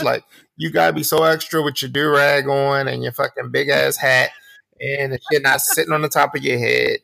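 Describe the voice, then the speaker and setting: A man's voice: mid-range voice, fairly even intonation, moderate pace, vocal fry, bright, forceful tone, no echo. A man co-hosting a podcast, a profane storyteller who acts out the voices he quotes. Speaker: podcast co-host. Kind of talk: casual chat.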